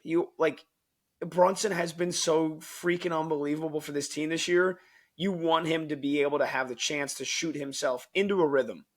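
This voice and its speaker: Male sports-podcast co-host, fairly high voice, chatty and enthusiastic, teasing banter. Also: steady tone, moderate pace. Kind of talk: casual sports chat.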